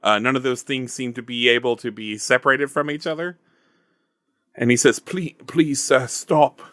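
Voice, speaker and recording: A man's voice: mid-range voice, normal speed, pushed and bright, clear, resonant tone, dry recording, clean studio sound. A man narrating a tabletop role-play game as game master, chatty and joking with asides to the audience. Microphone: headset-style desk mic.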